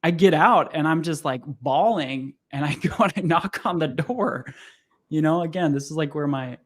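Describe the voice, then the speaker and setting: A young man, a podcast guest, telling a personal story in casual conversation, acting out what people said in a raised voice. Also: moderate pace. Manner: animated, acts out quotes in high voices. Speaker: podcast guest, sales coach.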